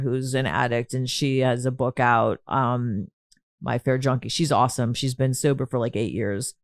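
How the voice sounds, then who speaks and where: A woman's voice: a bass voice, no room sound, studio quality. A woman hosting a podcast, chatting casually with a guest in a chatty, self-deprecating way and hedging her words. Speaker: podcast host. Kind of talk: casual interview chat.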